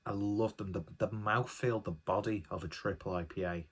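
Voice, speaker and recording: Man, casual beer review, chatty, enthusiastic, rambling, lowish voice. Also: steady tone, normal speed, slightly rough.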